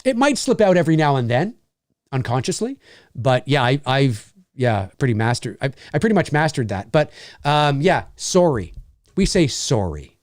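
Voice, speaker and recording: A man's voice: mid-range voice, very animated, moderate pace, dry recording, clean studio sound. A middle-aged Canadian man with a Canadian accent, hosting a casual livestream, reading chat comments and repeating himself enthusiastically.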